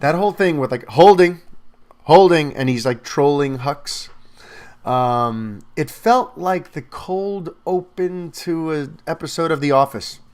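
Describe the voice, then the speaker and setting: A man giving a casual spoken film review, animated and talkative, with lots of fillers and restarts. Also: fairly high pitch, unhurried, clean tone.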